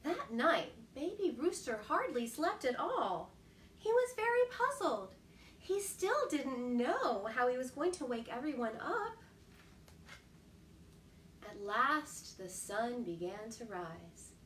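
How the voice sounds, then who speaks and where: Animated woman reading to children. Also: sits high, slow pace, echoey room, recorded from a distance, a little hiss or hum. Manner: animated, exclamatory, asks the children questions. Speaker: children's storytime host. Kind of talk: children's storytime read-aloud. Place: home kitchen.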